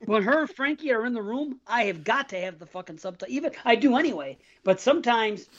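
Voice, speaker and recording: A man's voice: very high voice, lively intonation, quick pace. A middle-aged man co-hosting a podcast, telling rambling profane stories in casual chat. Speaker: podcast co-host. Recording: muffled lo-fi audio.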